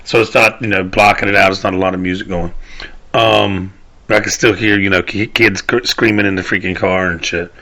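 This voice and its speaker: Guy in his 30s, low gravelly voice, rambling profane rant, laughs at his own jokes. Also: steady tone, fairly quick, bright, forceful tone. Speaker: podcast host. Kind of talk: casual ranting monologue.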